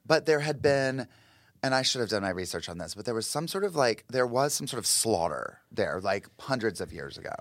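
A man spins a rambling, animated tale as a podcast guest, his speech packed with "like" and quick restarts. His voice sits at a middling pitch. The recording is dry, with little room sound. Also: no room sound. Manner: animated, chatty, lots of "like" and restarts. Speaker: podcast guest, comedian and actor. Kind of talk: casual storytelling chat.

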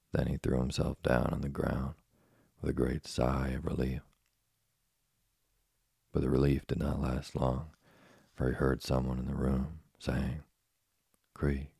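A man with a husky, gravelly voice giving measured, scripted narration of a storybook. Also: extremely low pitch, mellow, no room sound, clean studio sound. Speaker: audiobook narrator.

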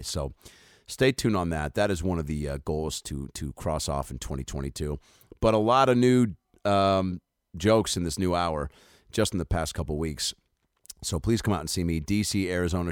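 A man's voice: low-pitched, no room sound, clean studio sound. A man in his thirties, a comedian riffing casually to camera in a rambling, profane, jokey way. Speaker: comedian and host.

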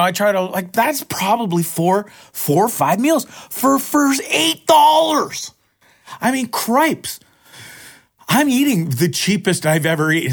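A man in an off-the-cuff rant that rambles and doubles back on its words. He swears freely, and his voice jumps upward whenever he gets worked up. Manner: excitable, jumps up in pitch when worked up. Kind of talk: casual profane rant to camera.

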